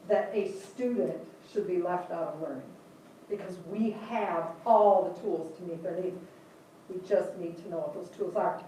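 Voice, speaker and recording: A woman's voice: mid-range voice, a little mellow, slight background noise. An older woman giving a chatty guest talk to a class, laughing often and putting questions to the audience. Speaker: guest speaker. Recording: echoey room, voice heard from a distance.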